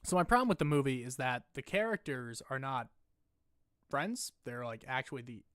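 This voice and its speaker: A young man streaming casually, rambling and putting himself down, turning loud and animated when he rants. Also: mid-range voice, normal speed, no echo, clean studio sound. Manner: rambling, self-deprecating, gets loud and animated when ranting. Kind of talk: casual chat.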